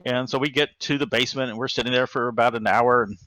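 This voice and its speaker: A man as an interview guest, telling an excitable personal story with frequent fillers and restarts. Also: mid-range voice, fast talker, dry recording.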